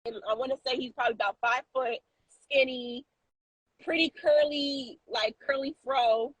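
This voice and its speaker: A woman co-hosting a casual podcast, telling a story in an animated way with lots of fillers and restarts. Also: sits high, normal speed, slightly rough, no echo, low-quality recording. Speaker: co-host.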